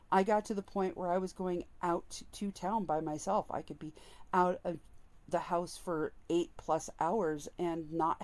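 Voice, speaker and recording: In a lowish, somewhat mellow voice, a woman vlogger opens up to the camera about a personal experience, speaking earnestly, candidly and with open emotion.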